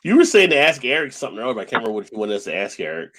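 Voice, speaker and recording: A man's voice: medium pitch, big pitch swings, rapid-fire, a bit bright. A man hosting a casual live stream, reading viewer comments aloud and chatting with guests. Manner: reads viewer chat comments aloud, laughs easily.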